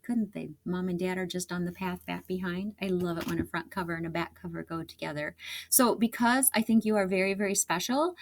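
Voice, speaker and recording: A woman reading a storybook aloud to children, expressive and laughing along. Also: medium pitch.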